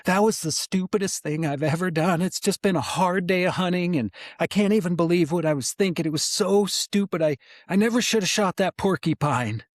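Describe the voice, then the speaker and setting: A man voicing a frightened teenage boy hunter who apologizes in a rushed, shaky way. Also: high voice, no room sound, studio quality, pitched above the performer's own voice, natural voice. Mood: panicked sorry.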